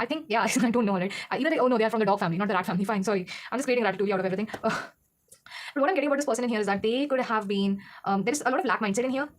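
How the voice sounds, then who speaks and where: A woman doing a casual tarot reading, rambling and correcting herself as she goes, with frequent laughs. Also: on the high side. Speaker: tarot reader.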